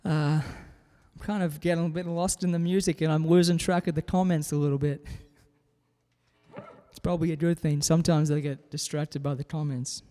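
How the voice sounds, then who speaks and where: A man's voice: on the high side, moderate pace, big-room sound. A man from Australia whose accent carries a slight Southern US drawl, chatting casually and reading out comments as he hosts a live guitar show from home. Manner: relaxed, chatty, reads out viewer comments. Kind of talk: casual livestream chat between songs.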